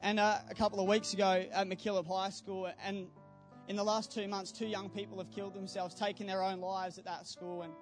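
A man's voice: high voice, level tone, brisk, soft background music. A young man, a youth pastor, preaching a sermon earnestly and building to fervent exhortation at a church service.

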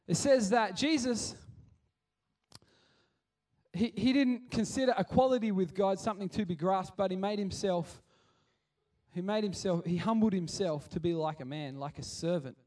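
A man's voice: sits high, moderate pace, mellow, far from the mic. A man preaching a casual sermon at kids church, full of restarts, that builds to passionate appeals. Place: church hall.

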